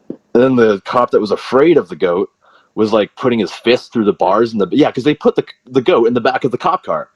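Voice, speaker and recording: A man's voice: on the low side, brisk, dry recording. A man, a wrestler guest, telling long rambling stories full of "like" in a casual interview. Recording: slightly muffled dry audio.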